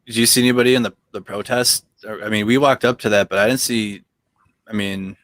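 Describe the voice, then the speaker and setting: A man co-hosting a casual online chat, quickly steering the clips and questions. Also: fairly low pitch, steady tone, fairly bright tone, no echo. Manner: quick, directs clip playback.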